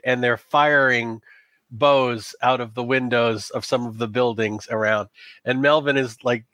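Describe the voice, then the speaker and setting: A man's voice: mid-range voice, fairly bright tone, no room sound. A man narrating a tabletop game as game master in a casual, rambling way, with lots of "like" and "um.".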